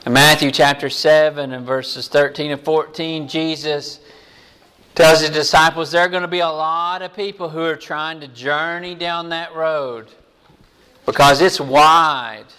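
A man preaching a sermon, reading scripture passages aloud slowly and deliberately. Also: fairly high pitch, fairly even intonation, pushed and bright, smooth.

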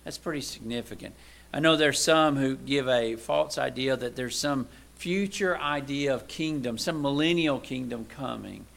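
With vocal fry and a normal speaking speed, this man delivers a sermon in a conversational manner. Rhetorical questions go out to his listeners as he shifts between loud, emphatic statements and low, quiet asides.

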